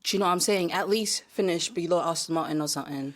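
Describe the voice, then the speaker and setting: A woman guesting on a podcast in casual chat, ranting with animated exasperation. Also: on the low side, fast.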